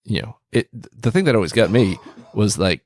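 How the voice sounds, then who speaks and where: A man's voice: lowish voice, animated, moderate pace, breathy edge, dry recording, studio quality. A man co-hosting a casual podcast, teasing and rambling with lots of fillers. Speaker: podcast co-host. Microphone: studio podcast mic.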